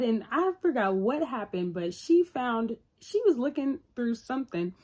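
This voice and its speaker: A woman's voice: fairly high pitch, mellow. A woman casually recapping a TV episode in a loose, chatty retelling. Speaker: TV reviewer.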